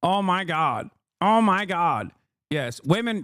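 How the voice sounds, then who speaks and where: A man streaming live and reacting to video, profane and sarcastic as he snaps back at his viewers. His voice sits fairly high and comes through smooth and clear. The sound is dry and close to the mic. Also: big pitch swings, slow, fairly bright tone, no echo. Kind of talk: livestream reaction commentary.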